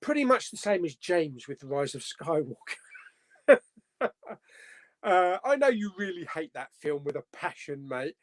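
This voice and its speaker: A man's voice: a little high, very animated, moderate pace, long pauses. A young man casually hosting a live movie chat stream, reading out viewer comments, joking and laughing often. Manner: chatty, laughs often, jokey.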